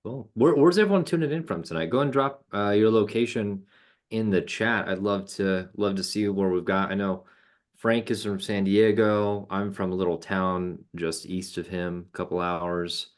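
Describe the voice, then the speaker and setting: A relaxed man hosts an online session over a video call, his voice sitting a little low. He keeps things loose and joking, tossing in slangy asides as he goes. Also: moderate pace. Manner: laid-back, joking, slangy. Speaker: webinar host. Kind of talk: casual presenting.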